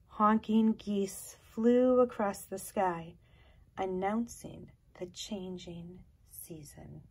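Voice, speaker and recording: Woman, storybook reader, gentle, unhurried, breathy, soft hushed moments. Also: mid-range voice. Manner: slow, gentle, expressive reading with soft hushed passages. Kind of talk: reading a children's picture book aloud.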